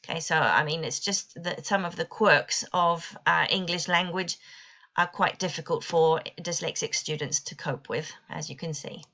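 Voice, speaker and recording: A woman giving an online presentation to teachers, explaining clearly with a lightly wry touch. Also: low-pitched, normal speed, sharp tone, highs cut off. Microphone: computer mic on video call.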